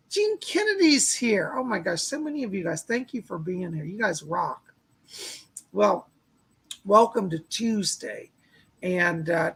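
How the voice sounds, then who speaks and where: A man's voice: high-pitched, creaky, pushed and bright, slightly rough. A man in his sixties hosting a live-stream chat as a psychic medium, gushing and exclamatory as he greets viewers.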